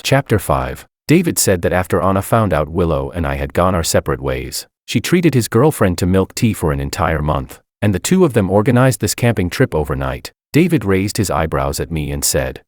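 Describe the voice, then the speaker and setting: A man narrating a first-person story in an even, wry tone. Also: sits low, normal speed, few pauses, dry recording, studio quality.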